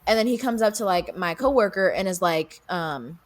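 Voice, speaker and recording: A woman's voice: on the low side, lively intonation, normal speed. A young woman co-hosting a podcast, retelling a story casually with lots of fillers, swearing, and acted-out quotes. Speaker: podcast co-host.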